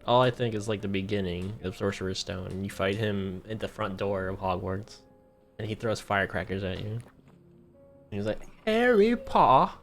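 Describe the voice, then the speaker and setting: A man chats casually while streaming a video game, joking with a friend and laughing a lot. His voice sits slightly low. Faint music runs beneath the talk. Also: level tone, normal speed. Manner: laughs often, chatty and playful. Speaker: gaming streamer.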